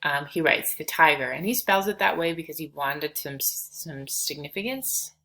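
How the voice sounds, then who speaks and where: A woman's voice: low-pitched, normal speed, pushed and bright, poor audio. A woman teaching a poetry lesson, reading verse aloud and then explaining it casually with fillers.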